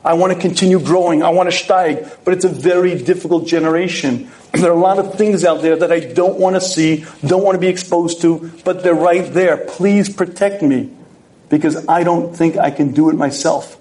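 A middle-aged man, a rabbi giving a sermon full of stories, who acts out voices and often clears his throat. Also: on the high side, normal speed, warm tone.

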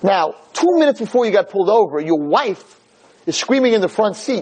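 A man giving a religious lecture, telling stories in an animated way and acting out the people in them. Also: high voice, brisk, husky, low-quality recording. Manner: animated storytelling, acting out scenes.

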